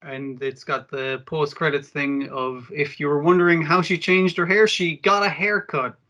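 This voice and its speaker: A man co-hosting an anime podcast, chatting casually, excitable and swearing as he recaps scenes. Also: on the high side, normal speed, dull audio. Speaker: podcast co-host. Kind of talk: casual chat about anime.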